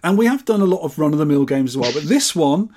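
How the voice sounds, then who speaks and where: A man hosting a casual podcast in a slightly husky voice. His pitch bounces around as he reels off specs with playful, wry grandeur. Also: expressive, fast, darkish tone. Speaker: podcast host. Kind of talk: casual podcast chat about retro games.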